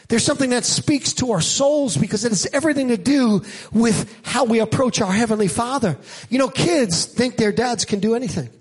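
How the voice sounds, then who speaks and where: A middle-aged man delivers a sermon from the pulpit with a notably high voice. He preaches in an animated way and rises loud and high to drive home his points. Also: slightly rough. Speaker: pastor. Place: church.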